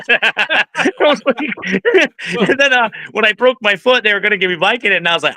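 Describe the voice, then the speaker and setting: A middle-aged man with a very bright, ringing voice, chatting on a podcast. He tells anecdotes, acts out what people said and laughs along. The sound is close and dry. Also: sits high, big pitch swings, quick pace, dry recording. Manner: storytelling, laughs often, acts out quotes. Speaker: podcast co-host. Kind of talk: casual chat. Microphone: streaming setup.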